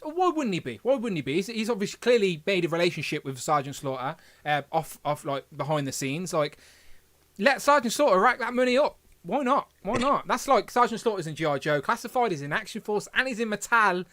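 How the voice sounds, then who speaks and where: A man's voice: sits high, animated, fairly quick, pushed and bright. A man hosting a casual livestream, rambling and correcting himself as he reads the chat aloud. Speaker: podcast host.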